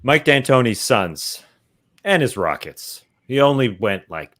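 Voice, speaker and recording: A man's voice: mid-range voice, very animated, unhurried, a bit bright, no room sound, studio quality. A man co-hosting a podcast in casual chat, telling stories in a rambling, playful way. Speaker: podcast co-host.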